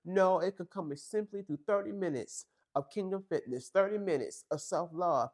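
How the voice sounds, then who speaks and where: This podcast host speaks in a lowish, slightly mellow voice at a moderate pace. On her faith-based show she gives women listeners a preachy, emphatic pep talk, repeating phrases and addressing them directly as "girl" and "honey."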